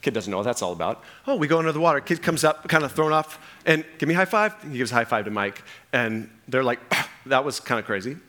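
A man's voice: mid-range voice, fast talker. A middle-aged male pastor preaching a sermon, telling stories with animation and often checking in with "okay?". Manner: animated storytelling with frequent "okay?" check-ins.

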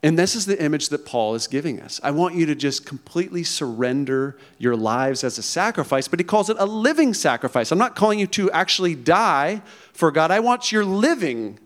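A man's voice: fairly high pitch, big pitch swings, fairly quick. A male pastor preaching a conversational sermon who often checks in with the congregation. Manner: conversational, emphatic, checks in with "okay?" and "right?".

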